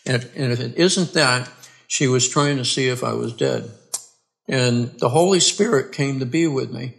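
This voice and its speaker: A man, a podcast guest, earnestly telling his own story in a halting way, restarting and repeating words. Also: medium pitch, vocal fry. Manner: earnest and plain-spoken. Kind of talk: conversational storytelling.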